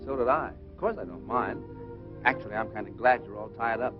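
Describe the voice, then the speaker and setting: Guy playing a fast-talking wisecracking american fella, old movie sound, music underneath. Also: lowish voice, lo-fi sound, natural voice. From United States. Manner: breezy, wisecracking. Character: young American man, breezy and teasing.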